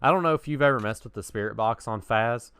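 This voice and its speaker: A man's voice: medium pitch, fast, a bit bright, clean tone, dry recording. A young man co-hosting a casual podcast, telling gaming stories in a chatty way and laughing at his own tales, on a close mic. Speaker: podcast co-host.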